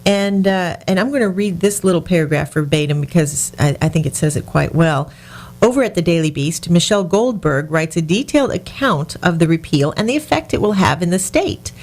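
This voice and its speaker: Sarcastic woman radio host, low voice. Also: lively intonation, fairly quick, darkish tone. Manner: indignant, sarcastic, with many restarts. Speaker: radio talk show host. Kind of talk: opinionated radio talk.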